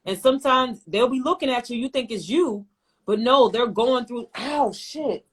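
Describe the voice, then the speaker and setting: A woman's voice: fairly high pitch, normal speed. A woman hosting a casual live-stream chat from home on her phone, talking in a streetwise way and swearing freely. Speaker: host.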